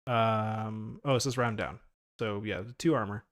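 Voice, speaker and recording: A man narrating as game master in a casual tabletop session, laughing often and filling pauses with um and uh. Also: lowish voice, dry recording. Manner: casual, laughing, lots of fillers and restarts.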